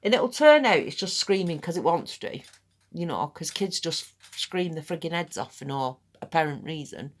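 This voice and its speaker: Woman, middle-aged, slightly low voice, casual rambling chat, blunt. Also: expressive, moderate pace. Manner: rambling, chatty, blunt and swearing. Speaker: aesthetics practitioner. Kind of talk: casual chat while demonstrating.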